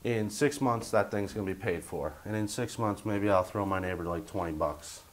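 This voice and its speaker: A man's voice: on the low side, normal speed. A man chatting casually to camera as a vlogger from his tiny house, rambling and jokey with lots of fillers.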